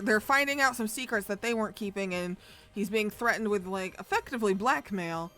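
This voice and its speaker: A woman streamer talks through a recap in a loose, rambling way, cursing often and stopping for fillers. Her voice sits at an ordinary middle pitch, with faint music underneath. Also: a bit bright. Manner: profane, chatty, rambling with fillers. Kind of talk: casual story recap.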